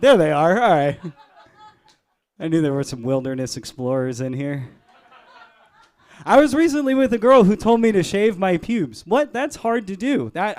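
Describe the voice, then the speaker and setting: Laughing stand-up comic man, slightly high voice. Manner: deadpan, laughs at his own jokes. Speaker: stand-up comedian. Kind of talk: live stand-up set. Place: comedy club stage.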